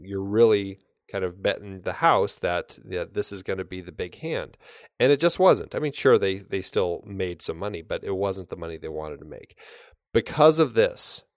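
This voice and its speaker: A man's voice: fairly low pitch, animated, moderate pace, dry recording, studio quality. A man co-hosting a film podcast, talking casually and rambling, with many fillers and restarts. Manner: laughs easily. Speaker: podcast co-host.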